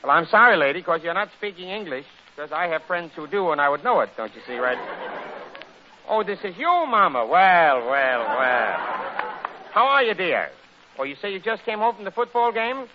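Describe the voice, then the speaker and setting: A man on an old radio show, running through a chatty comic monologue. His voice leaps around in pitch as he rambles from gag to gag. The recording is dull and lo-fi, with a faint hiss underneath. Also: brisk. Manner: rambling, jokey storyteller with a lively, animated delivery. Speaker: radio comedian. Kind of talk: comic monologue and one-sided phone sketch.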